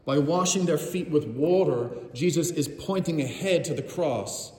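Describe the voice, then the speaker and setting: Preacher in an echoing hall. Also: male voice, fairly high pitch, normal speed, a little mellow. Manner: vivid storytelling, addresses the congregation. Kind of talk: sermon. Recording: roomy hall with long reverb.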